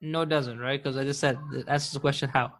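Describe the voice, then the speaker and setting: A man's voice: mid-range voice, fairly even intonation, fast, fairly bright tone. A man teaching an Arabic grammar class live online, patient and encouraging, often chuckling.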